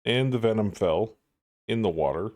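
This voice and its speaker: A man's voice: lowish voice, lively intonation, normal speed, a little mellow. A man streaming a co-op mech game, joking crudely and laughing often. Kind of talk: casual joking game chat.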